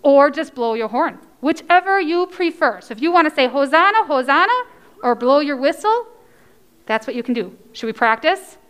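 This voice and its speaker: A woman leading a children's message at church, telling a story with excited cheers and coaxing the kids to join in. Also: sits high, normal speed. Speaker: children's sermon leader.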